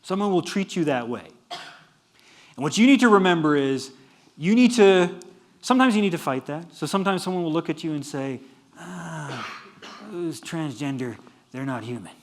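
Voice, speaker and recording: A middle-aged man giving a humorous university lecture, animated and laughing at his own jokes. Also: high-pitched, moderate pace. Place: lecture hall.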